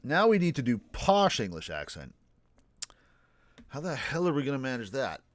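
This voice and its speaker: A man's voice: mid-range voice, huge pitch swings, normal speed, dry recording. A man streaming a game, casually commenting and thinking aloud in a joking, self-deprecating way. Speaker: let's play streamer.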